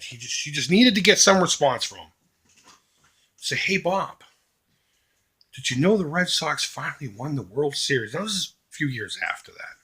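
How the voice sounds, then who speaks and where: Vlogger, middle-aged man, lively earnest charity plea, husky bright tone. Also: medium pitch. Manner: earnest, emphatic, swings between loud and hushed. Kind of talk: heartfelt charity appeal to viewers.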